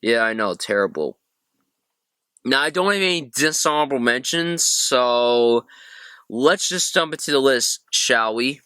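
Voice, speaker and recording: A man's voice: mid-range voice, lively intonation, unhurried, sharp tone, clear, resonant tone, dry recording. A man hosting a casual movie-review vlog, talking sarcastically and animatedly, with swearing, while squeezed into a cramped storage closet. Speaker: film reviewer, channel host.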